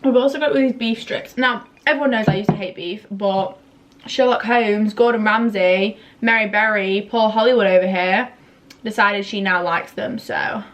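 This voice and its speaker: A woman's voice: medium pitch, fairly even intonation, normal speed, fairly bright tone, a little hiss or hum. A young woman vlogging at home, chatty and self-mocking, rambling through story times from her bedroom and kitchen. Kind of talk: casual chatty vlog.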